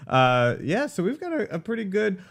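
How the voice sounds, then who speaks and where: A man's voice: high-pitched, wildly swooping pitch, moderate pace, vocal fry. A man co-hosting a casual chat, talking through a cold with a stuffy, nasal voice and a joking, rambling manner. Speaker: podcast co-host.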